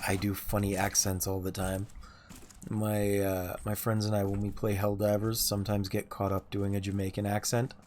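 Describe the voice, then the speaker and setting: A man's voice: fairly low pitch, flat delivery, normal speed, darkish tone, slight background noise. A man in his thirties chatting casually and rambling while livestreaming a game, chuckling often. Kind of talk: casual chat while gaming.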